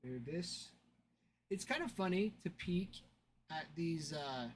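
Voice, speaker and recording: A man's voice: fairly high pitch, lively intonation, slow pace, a little hiss or hum. Chatty young man hosting a livestream. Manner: chatty storyteller, laughs often, thanks viewers. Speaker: card break livestream host. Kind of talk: casual livestream chat.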